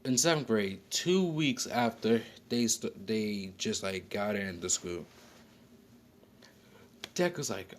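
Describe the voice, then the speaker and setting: A man's voice: on the low side, expressive, takes it slowly, pauses often, a little hiss or hum. A man casually telling an improvised story, rambling with slang, fillers and frequent self-corrections.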